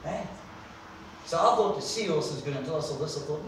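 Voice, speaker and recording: A man's voice: on the high side, lively intonation, fairly quick, a little hiss or hum. A man preaching an enthusiastic sermon in a church, repeating words for emphasis. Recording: echoey church hall from far off.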